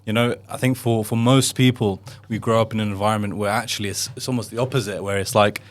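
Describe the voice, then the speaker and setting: Fast-talking podcast host man. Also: fairly low pitch, fairly even intonation. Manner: reflective, thinks aloud with restarts. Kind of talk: casual interview chat.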